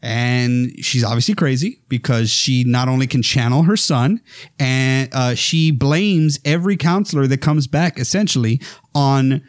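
A man hosting a casual podcast, talking about films in an animated, rambling way with restarts. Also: mid-range voice, unhurried, no room sound, clean studio sound. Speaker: podcast host. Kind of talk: casual film chat.

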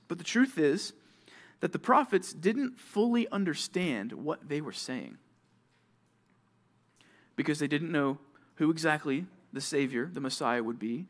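A young man preaching to junior high students, telling stories and acting out short scenes, with sudden swings from loud to hushed. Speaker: youth pastor. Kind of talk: youth sermon.

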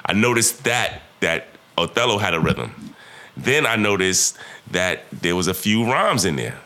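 A man's voice: low voice, a little slow. A young man in his twenties, a podcast guest, telling a story casually and with energy, acting out what people said. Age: 20s. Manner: animated, rhythmic storyteller, acts out quotes.

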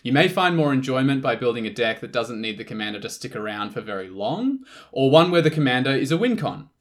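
Man, podcast co-host, relaxed, enthusiastic, casual chat, mid pitch. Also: quick pace. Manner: relaxed, enthusiastic, laughs easily. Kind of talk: casual chat about card games.

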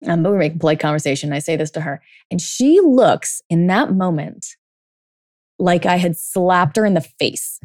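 A woman's voice: fairly low pitch, animated, normal speed, a little mellow, dry recording, studio quality. A woman coach telling a story in a casual monologue, full of fillers, then turning blunt and emphatic, with some swearing. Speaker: dating and life coach.

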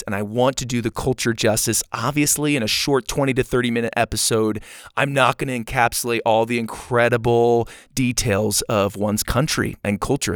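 A man's voice: lowish voice, no room sound, clean studio sound. A man in his thirties, a podcast host reading listener reviews in a casual, enthusiastic and earnest way to young listeners.

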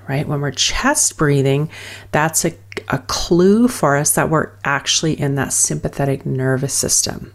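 Low-voiced woman coaching calmly. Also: normal speed. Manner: soothing, speaks in loose fragments with many fillers. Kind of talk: guided wellness teaching.

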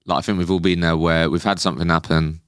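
Male podcast host, very deep and resonant, reflective summarizer. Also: level tone, fast, clear, resonant tone, no room sound, studio quality. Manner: reflective, sums up the guest's points with many fillers. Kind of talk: casual podcast conversation.

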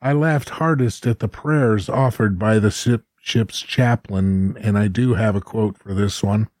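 A man's voice: on the low side, unhurried, darkish tone, no room sound, clean studio sound. A man co-hosting a casual book discussion podcast, chatting and reading passages aloud with a playful lift. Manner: reads quotes aloud with a rising, playful voice. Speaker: podcast co-host.

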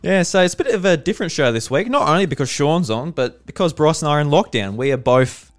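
A man's voice: on the high side, lively intonation, fast talker. A man with a South Australian accent hosting a podcast over a Discord call, chatting casually and playfully. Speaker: podcast host.

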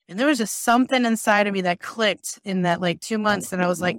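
Woman guest telling stories in quick bursts. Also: medium pitch, fairly even intonation, fairly bright tone, no room sound. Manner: storytelling with quick bursts and frequent laughter. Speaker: guest, business mentor. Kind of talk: casual conversational interview.

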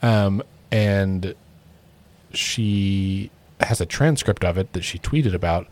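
A man's voice: deep voice, slow pace, darkish tone. A man co-hosting a political podcast in casual chat, restarting phrases often as he talks. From Oklahoma. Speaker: podcast co-host.

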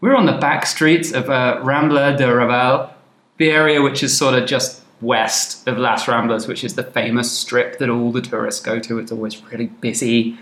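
A man's voice: medium pitch, steady tone, moderate pace, a bit bright. Chatty English man, roomy echo. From England. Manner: chatty, jokey, laughs often. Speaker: podcast co-host. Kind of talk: casual chat.

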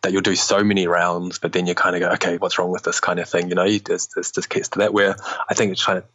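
New Zealand man, deep husky voice, rambling interview guest, slightly dull recording. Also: flat delivery, quick pace, a bit bright. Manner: rambling, many restarts and fillers, laughs often. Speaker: animation director guest. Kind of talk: relaxed conversational interview.

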